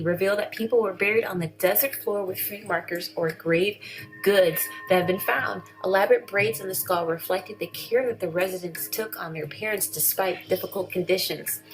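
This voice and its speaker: A woman's voice: fairly low pitch, rough recording. A woman chatting casually in a vlog, rambling and correcting herself as she reads through things. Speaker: vlogger.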